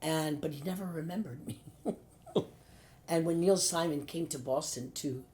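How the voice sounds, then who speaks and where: An older actress, a guest on a chat show, telling stage anecdotes in a lively way and acting out what people said. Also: female voice, low voice, moderate pace. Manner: lively anecdotal storyteller, acts out quotes. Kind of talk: storytelling chat.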